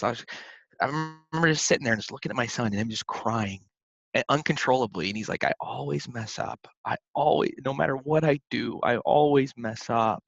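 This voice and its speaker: A man's voice: mid-range voice, a bit bright, no echo. An earnest young man talks through faith on a podcast, circling back and restarting his sentences. The recording is dry and close, with a slightly dull, muffled top end. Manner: earnest, rambling with many restarts. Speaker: podcast co-host. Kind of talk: casual faith talk.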